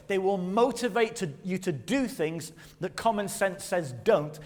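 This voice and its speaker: High-voiced preacher in a reverberant hall. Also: male voice. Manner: animated, conversational preaching with rhetorical questions; leads the congregation in call-and-response. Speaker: pastor. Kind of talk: sermon. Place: church hall.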